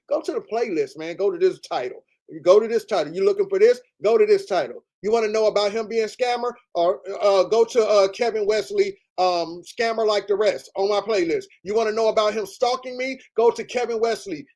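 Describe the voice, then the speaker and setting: A man's voice: high voice, a little mellow. A man hosting a livestream, ranting in a heated, profane, repetitive way. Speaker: livestream host. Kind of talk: livestream rant.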